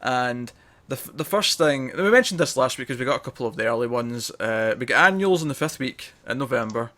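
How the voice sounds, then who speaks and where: Male podcast host, bright timbre, casual and talkative. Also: mid-range voice, animated. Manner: chatty, reads lists briskly with fillers.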